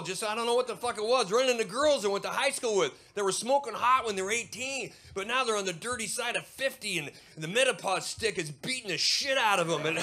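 A man's voice: extremely high pitch, bright, forceful tone, slight background noise. A man from Idaho, doing a brash, profane stand-up comedy set on a club stage. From Idaho, USA. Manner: brash, profane, rapid-fire storytelling with mocking voices.

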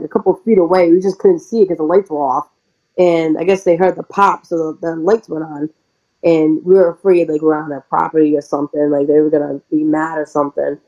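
A woman's voice: lowish voice, muffled recording. Chatty woman wrestler telling road stories. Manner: chatty, animated, many "like"s and laughs. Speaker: pro wrestler guest. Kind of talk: casual interview storytelling.

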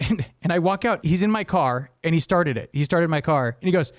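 Excitable man with a high, lively voice. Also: fairly quick, dry recording, studio quality. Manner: rambling, laughing, quotes people in raised voices. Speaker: podcast host. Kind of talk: casual chat.

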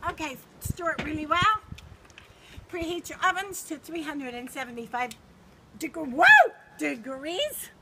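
Speaking high and at a measured pace, a grandmother stages a mock cooking show at home. She imitates a celebrity TV chef with fluttery exclamations, bossing her helper, while the home video picks up heavy background noise.

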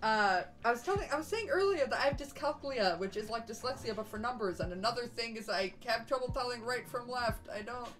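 A woman's voice: on the high side, fairly quick, hardly any pauses, a bit bright, rough recording. A young woman streaming from home, chatting casually with her viewers in a bubbly, chatty way. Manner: chatty, bubbly, coos baby talk to her dogs. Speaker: VTuber streamer. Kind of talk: casual live-stream chat.

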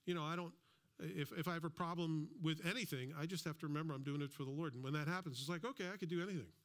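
A man's voice: a little high, very fast. A man preaching a sermon as a pastor, in a conversational style with asides and acted-out quotes. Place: church.

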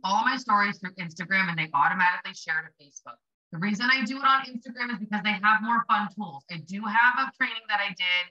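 A woman's voice: a little high, pushed and bright, lo-fi sound. A young adult woman hosting a casual motivational live stream for small business sellers, chatty and blunt, swearing for emphasis. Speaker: livestream host coaching small business sellers.

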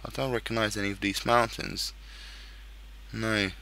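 Male gaming YouTuber, low and forceful voice, casual and profane commentary. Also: steady tone, moderate pace, gravelly. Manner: swears a lot, frustrated outbursts.

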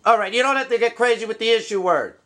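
Exasperated high-voiced man. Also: fast, fairly bright tone. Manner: exasperated, needling, correcting. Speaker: off-camera straight man. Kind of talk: comedy banter.

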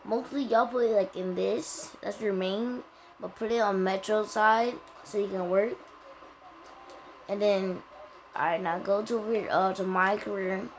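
A woman's voice: mid-range voice, steady tone, unhurried. A woman talking through a video game walkthrough in a casual, rambling way, full of slang and restarts. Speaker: gaming tutorial host. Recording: dull lo-fi sound with faint noise.

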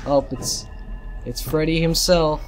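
A man commentating a horror game while losing his voice, joking with the characters and yelping loudly at scares. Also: a little high, fairly even intonation, slow pace, faint music behind. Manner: jokey banter with game characters, yelps and shouts at jump scares. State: losing his voice, a bit sick. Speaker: gameplay commentator.

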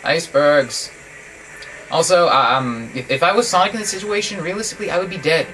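A guest player casually commentates on a video game in a let's-play, chatting, joking and letting out sudden excited yelps. His voice is fairly high and a little fast, picked up from a distance with game music behind and a slight hiss or hum.

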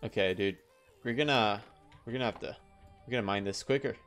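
A young man doing casual gameplay commentary, chatty and excitable, talking to the animals in the game. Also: lowish voice, brisk, faint music behind. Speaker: gaming YouTuber.

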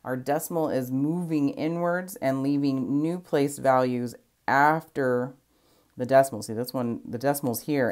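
In a recorded math lesson, a woman with a strikingly low voice teaches patiently and step by step, counting aloud as she goes.

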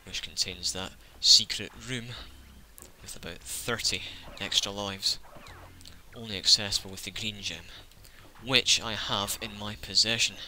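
Male gamer, low-ish voice with a very bright, tense edge; dry sarcastic running commentary. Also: fairly even intonation, measured pace, slight background noise. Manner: sarcastic, joking asides to the game. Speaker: let's play gamer. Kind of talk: casual gameplay commentary.

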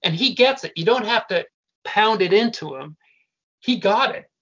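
A man's voice: high voice, expressive, moderate pace, fairly bright tone, breathy edge. An older man speaking as a guest in casual conversation, an earnest storyteller who often restarts his sentences. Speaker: guest, family business founder. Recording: muffled lo-fi audio.

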